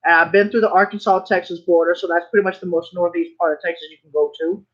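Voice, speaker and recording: A vlogger in a loose, rambling rant, circling back to the same phrases with emphatic insistence and an occasional curse. The voice sits at a middling pitch. The recording has a slightly dull, muffled tone. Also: fairly even intonation, fast. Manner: swears when worked up. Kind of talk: casual monologue rant.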